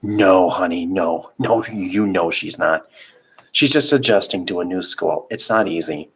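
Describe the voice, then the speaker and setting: A tired, gentle mother speaks slowly and in a hush, voiced by a man reading aloud. The voice underneath is low and deep. It is a storybook reading with a soft, soothing delivery. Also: slightly rough, exaggerated voice.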